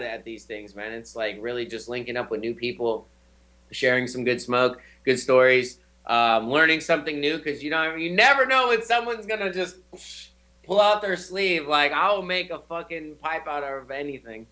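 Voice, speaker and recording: Slangy, animated young man host. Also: a little high. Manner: slangy, swearing, animated storyteller. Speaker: show host. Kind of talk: casual chat.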